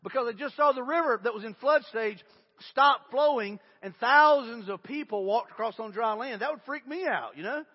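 A man preaching a sermon as pastor, telling the story in a casual, animated way and reading scripture aloud. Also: extremely high pitch, moderate pace, husky, long reverb tail, muffled recording.

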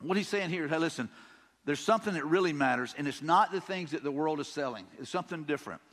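A man with a Southern drawl preaches in a casual, folksy way, often circling back over the same words. His voice sits high for a man. The sermon is heard in a church sanctuary with a long, ringing reverb. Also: expressive, fast, fairly bright tone. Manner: conversational, folksy, repeats himself, paraphrases scripture casually. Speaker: pastor.

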